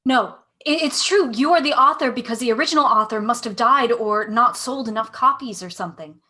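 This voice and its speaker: A woman's voice: fairly high pitch, brisk, pushed and bright. A woman reading a wry, demanding woman. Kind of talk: live play reading.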